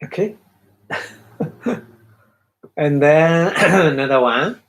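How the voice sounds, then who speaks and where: A man with a Burmese accent giving a Buddhist dharma talk, halting and full of fillers, acting out little quotes as he explains. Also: fairly high pitch, expressive, a bit bright, rough recording. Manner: halting, many fillers, acts out quotes with laughter. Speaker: Buddhist monk teacher.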